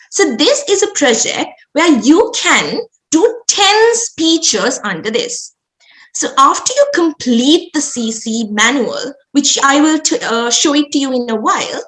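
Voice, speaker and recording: High lively young woman explaining slides. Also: roomy sound, rough recording. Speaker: club presenter at orientation. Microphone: video call.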